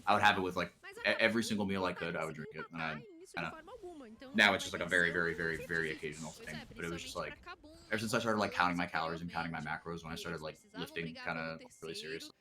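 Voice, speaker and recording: A deep-voiced American man rattles along quickly in relaxed esports co-commentary, tripping over the first words of his sentences. A crowd murmurs behind him. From United States. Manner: stammers and repeats words when starting sentences. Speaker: esports co-caster.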